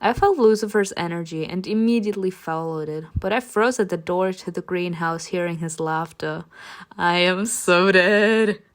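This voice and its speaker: A woman's voice: fairly low pitch, moderate pace, hardly any pauses, a little mellow. A woman reading a romance story game aloud, reacting with laughter and playful swearing between passages. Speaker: game player reading a visual novel aloud.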